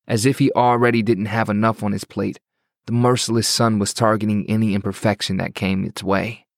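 A man with a fairly low voice narrates a novel in a steady, measured way. The sound is close and dry, with no room around it. His delivery stays even and paced for listening. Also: gravelly, dry recording. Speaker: audiobook narrator. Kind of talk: scripted audiobook narration.

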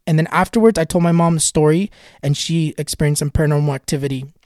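A man's voice: on the high side, fairly even intonation, fast talker, a little mellow, no room sound, studio quality. A man casually telling a personal spooky story in an earnest, repetitive way, often retelling what was said. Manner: earnest, retells dialogue with many "he goes" quotes; repetitive, builds suspense. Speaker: spiritual storyteller and tarot reader.

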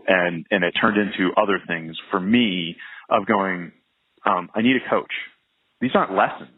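A man's voice: low voice, husky. A man, a professional trumpet player, talking casually in an interview, rambling with lots of fillers and restarts. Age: adult, well past early twenties. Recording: phone-like narrow band.

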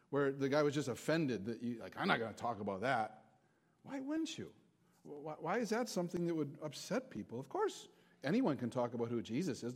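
A man's voice: on the high side, a little mellow. A man giving a casual, joking sermon to a congregation in a church, chatty and self-deprecating. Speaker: pastor. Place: church hall before a congregation.

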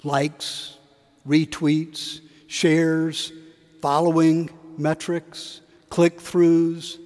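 A man preaches in a cathedral, his slightly high voice carrying a long echo through the stone space. He tells stories with shifting emphasis and briefly acts out the quotes. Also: level tone, extremely slow, a little mellow. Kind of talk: sermon. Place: large cathedral.

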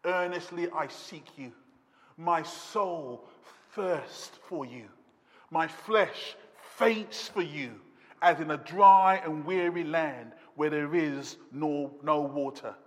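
A man's voice: on the high side, takes it slowly, big-room sound. A man preaching a sermon, quoting scripture dramatically with rising intensity. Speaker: pastor.

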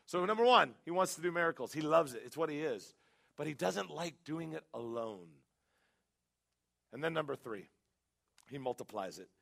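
A middle-aged man, a guest pastor, preaching a sermon in a church with animated, humorous storytelling. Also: fairly high pitch, moderate pace, creaky, long pauses. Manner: animated storytelling with humor, rising to loud emphasis. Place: church sanctuary.

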